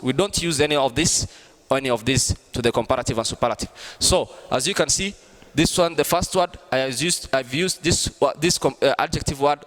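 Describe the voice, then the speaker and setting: A man teaching an online grammar lesson, explaining slowly and repeating himself. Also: fairly high pitch, a bit bright, long reverb tail. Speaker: English teacher.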